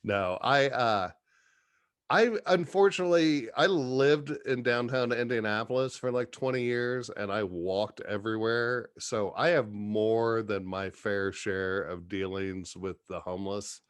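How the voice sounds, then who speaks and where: A man guesting on a podcast, telling stories in a profane, animated, casual way. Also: lowish voice, measured pace, smooth, dry recording, clean studio sound. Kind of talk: casual storytelling chat.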